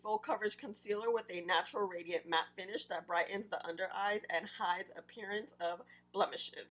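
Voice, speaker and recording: A young woman with a fairly deep, early-morning voice, chatting excitedly to viewers as she reviews and applies makeup. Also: poor audio. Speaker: beauty vlogger.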